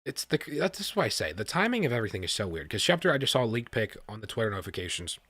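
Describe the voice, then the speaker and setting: A man hosting a live stream, reacting with excitement and talking to his chat, often repeating himself. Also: on the low side, racing, breathy edge, no room sound. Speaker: livestream host reacting to a draft.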